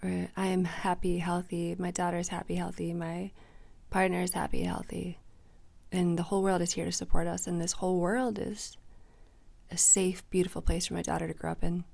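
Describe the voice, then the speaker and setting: Low gravelly woman, flat steady delivery, soft and sometimes whispery, chatting in a vlog. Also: normal speed. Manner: soft-spoken, drops to a whisper at times. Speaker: manifestation coach. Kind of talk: casual reflective vlog talk.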